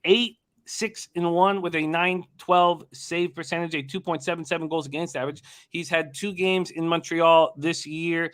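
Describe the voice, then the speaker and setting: A man hosting a live betting show, his voice sitting a little high for a man. He rattles through numbers and reads viewer comments aloud in a loose, casual way. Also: fairly even intonation, moderate pace, few pauses, fairly bright tone, smooth. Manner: reels off stats, reads chat comments. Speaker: sports betting show host. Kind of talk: casual sports betting talk.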